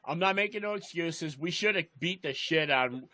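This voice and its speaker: Young guy cussing his way through a long story on a podcast, kinda high voice. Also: lively intonation, fairly quick, sharp tone, no echo. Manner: profane, rambling storyteller. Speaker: podcast co-host. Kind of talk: casual chat.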